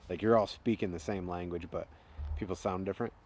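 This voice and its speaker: Laid-back man, low voice, casual live-stream chatter. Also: steady tone, a little fast, a little mellow, a little hiss or hum. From upstate New York. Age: young adult. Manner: rambling and laid-back, chuckles often. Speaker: chainsaw carver hosting a live stream.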